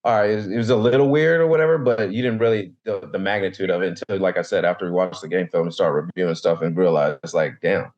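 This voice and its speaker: Deep-voiced ex-athlete guest, loose and repetitive, on a dull lo-fi recording. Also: male voice, fast talker, hardly any pauses. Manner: loose, repeats words, animated when recalling. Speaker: guest, former pro football player. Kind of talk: casual podcast chat. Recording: dull lo-fi sound.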